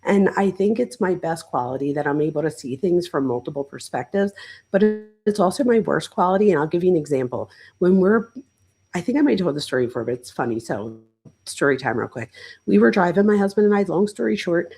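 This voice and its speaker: A woman's voice: lowish voice, lively intonation, fairly quick, mellow, breathy edge, low-quality recording. A woman hosting a casual livestream. She talks straight to her viewers in a chatty way, full of "like" fillers. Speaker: host and professor reading live chat.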